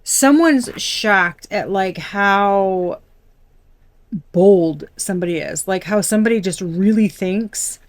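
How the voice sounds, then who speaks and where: A woman's voice: mid-range voice, slow pace, dry recording. A woman giving a casual collective tarot reading, talking bluntly with exasperated asides and frequent swearing. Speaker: tarot reader.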